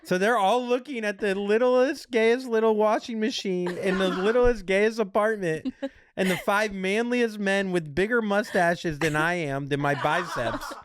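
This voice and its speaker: A man's voice: high-pitched, a little slow, background noise. A man co-hosting a casual podcast chat, telling a story with jokes, swearing and funny quoted voices. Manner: joking, profane, acts out quotes in funny voices. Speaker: podcast co-host.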